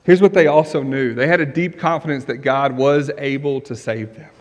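A male pastor with a mid-range voice preaches at normal speed in an earnest, emphatic manner, asking rhetorical questions. The long reverb of a large hall surrounds his sermon.

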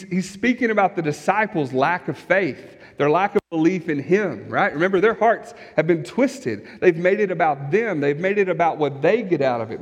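A man preaching a sermon in a relaxed, conversational way, asking his congregation rhetorical questions as he goes. His voice sits fairly high for a man. The sound has a long reverb tail, like a large hall. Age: young adult or middle-aged, has kids. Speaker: pastor.

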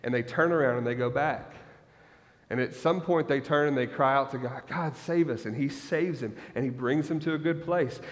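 A man in his thirties preaching a sermon, reading scripture aloud and breaking off into lively, joking asides to the congregation. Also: mid-range voice, normal speed. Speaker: pastor. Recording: long hall reverb.

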